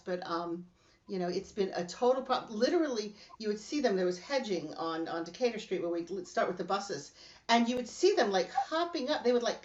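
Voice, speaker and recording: An animated middle-aged woman tells stories in relaxed podcast chat, breaking into laughter as she goes. Her voice sits at a middle pitch. The recording sounds a little muffled and lo-fi. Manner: animated storyteller, laughs often. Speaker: podcast host.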